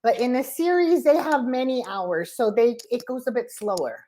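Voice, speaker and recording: A woman's voice: a little high, normal speed, dark tone. Encouraging American tutor woman. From USA. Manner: encouraging, laughs often, repeats words. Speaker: English tutor. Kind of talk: casual online lesson chat. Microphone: video call.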